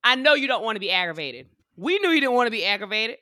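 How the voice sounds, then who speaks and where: A woman's voice: fairly high pitch, big pitch swings, fast, bright, forceful tone, dry recording, clean studio sound. A woman co-hosting a casual chat with friends, blunt and profane, teasing with affection.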